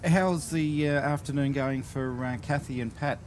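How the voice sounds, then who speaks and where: A man giving relaxed live commentary on a bowls match, with many fillers. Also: medium pitch, moderate pace. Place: outdoor bowls green. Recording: outdoor mic with steady background noise.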